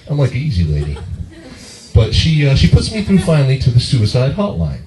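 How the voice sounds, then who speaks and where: Young male stand-up comic, lively delivery, echoey club recording from far off. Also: fairly quick. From Las Vegas, Nevada. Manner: animated, jumps into high squealing voices for quoted people. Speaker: stand-up comedian. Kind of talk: stand-up comedy set. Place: comedy club stage. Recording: echoey club heard from a distance.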